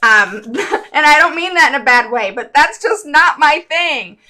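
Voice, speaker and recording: Bright-voiced candid woman vlogger. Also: sits high, lively intonation, a little slow. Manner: candid, emotional, chatty. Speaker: parent advocate, show host. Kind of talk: casual vlog talk to viewers.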